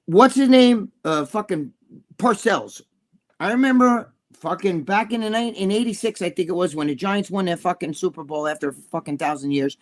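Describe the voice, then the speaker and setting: High voice, new man, middle-aged, swearing rant on a podcast. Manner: loud, profane, fast-shifting rant. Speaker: co-host. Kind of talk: profane ranting chat.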